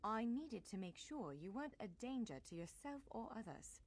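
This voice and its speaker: A woman's voice: a little high, very animated, normal speed. A courteous clanswoman guide. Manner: polite, reassuring, businesslike. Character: courteous island clanswoman guiding a stranger. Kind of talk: video game dialogue.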